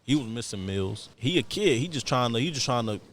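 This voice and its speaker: A young man talks fast and loose, telling stories from his old neighborhood in street slang. He slips into the voices of the people he quotes. Faint room ambience sits under his voice. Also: mid-range voice, expressive, a little hiss or hum. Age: young adult. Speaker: podcast guest. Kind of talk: casual storytelling interview.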